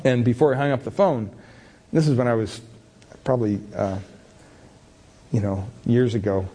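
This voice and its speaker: A man's voice: medium pitch, fairly even intonation, moderate pace, mellow. A middle-aged man preaching a sermon, telling candid, self-deprecating stories about himself with many casual fillers. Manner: chatty, many fillers like "you know". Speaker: pastor.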